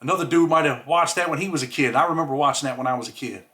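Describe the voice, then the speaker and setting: Brief: male host with a bright, forward voice and a streetwise, slangy manner. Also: a little high, rapid-fire. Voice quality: streetwise slang, says "man" often. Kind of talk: casual monologue.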